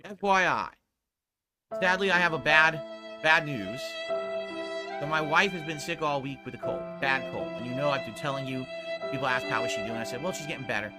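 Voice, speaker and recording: A man streaming live, talking casually and bluntly to his chat in a laid-back way, with a sore throat and a lower voice than usual. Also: brisk, over loud music. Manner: blunt and profane when scolding chat.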